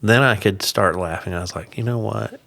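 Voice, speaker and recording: A man's voice: on the low side, moderate pace, vocal fry, a little hiss or hum. A man guest on a podcast, telling a story in a casual interview, acting out the quoted lines and laughing often. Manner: animated, acts out quoted dialogue in raised voices.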